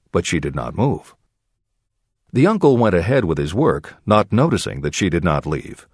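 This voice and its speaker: Low, expressive male audiobook narrator. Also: moderate pace, breathy edge, dry recording, studio quality.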